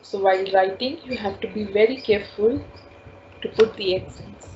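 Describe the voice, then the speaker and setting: A woman teaching French in an online class, slowly repeating sounds and explaining rules step by step. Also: medium pitch, mellow. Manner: slow, repetitive, spells out sounds patiently. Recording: dull lo-fi class recording with faint noise.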